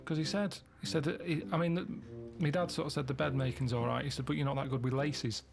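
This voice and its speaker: A man telling rambling anecdotes in a deadpan, plodding way during casual comic chat. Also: fairly high pitch, fast talker, creaky, over music. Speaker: co-host.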